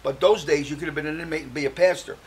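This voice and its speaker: A man's voice: on the high side, steady tone, rapid-fire, slight background noise, low-quality recording. An older man, a guest on a talk show, telling his personal story and acting out the voices of the people he quotes.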